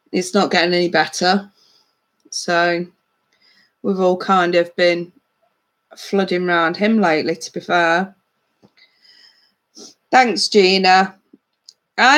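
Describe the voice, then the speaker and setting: Warm and casual, a thirty-something woman runs a psychic-reading livestream, reading out viewer comments and addressing people as darling. Her pitch is fairly low.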